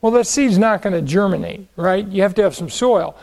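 A man's voice: high voice, brisk, gravelly, a little mellow, rough recording. A man teaching the Bible verse by verse, asking questions and answering them, leaning on key words.

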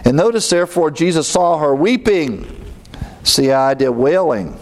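A man preaching a sermon, slowing down and lifting his voice high for emphasis on key words. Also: animated. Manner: preaching with sudden rises in pitch and slowed emphasis.

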